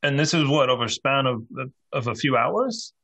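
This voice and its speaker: A man's voice: medium pitch, animated, moderate pace, pushed and bright, breathy edge. A man playing a tabletop role-playing game, talking hesitantly with lots of ums and dry jokes. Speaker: player.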